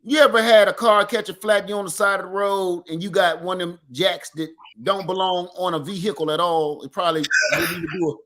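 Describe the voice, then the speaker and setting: A middle-aged man with an East Texas accent tells stories with animated, folksy energy. His voice sits high and bright. The talk is a loose, casual livestream chat. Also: fairly quick, few pauses. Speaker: livestream co-host.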